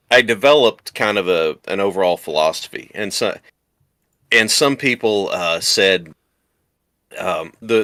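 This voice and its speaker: A man with a fairly low but bright, forceful voice hosts a podcast, telling stories and hamming up impressions. The sound is dry and close. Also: no room sound. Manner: storytelling, hams up shouted impressions. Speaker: podcast host. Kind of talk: casual chat.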